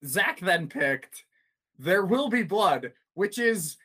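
Excitable, bright-voiced male podcast co-host. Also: high-pitched, slow. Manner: excitable, swears freely, laughs often. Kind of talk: casual chat.

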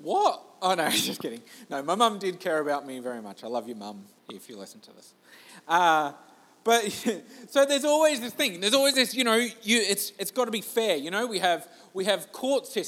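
A man gives a sermon in a loose, chatty way. His voice sits high for a man, and he pokes fun at himself as he goes. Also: a bit bright. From Australia. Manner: conversational, self-deprecating, with restarts. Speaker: pastor.

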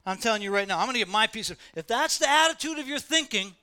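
Man, pastor, sermon, high voice, conversational, repeats for emphasis. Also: animated, quick pace, sharp tone, clear, resonant tone. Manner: conversational preaching, acting out quoted voices, repeats phrases for emphasis.

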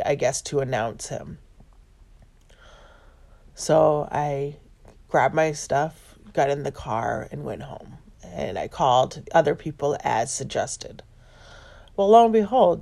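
A middle-aged woman telling a personal story in a halting, self-correcting way. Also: deep voice, creaky, a little mellow. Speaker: vlogger.

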